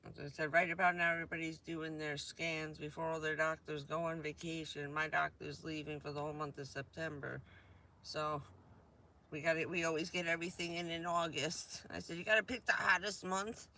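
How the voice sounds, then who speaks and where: Gravelly, chatty woman live-streaming. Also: low-pitched, level tone, brisk, bright, forceful tone, slight background noise. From New Jersey. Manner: rambling, chatty, laughs often. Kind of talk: casual live-stream chat.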